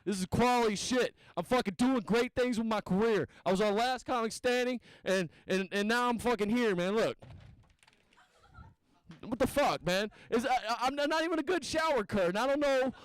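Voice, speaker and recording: A man's voice: very high voice, moderate pace, clean tone, dry recording. A man and stand-up comedian, first answering interview questions, then doing a profane, rambling, self-mocking set in a small comedy venue on a handheld mic. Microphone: handheld stage mic.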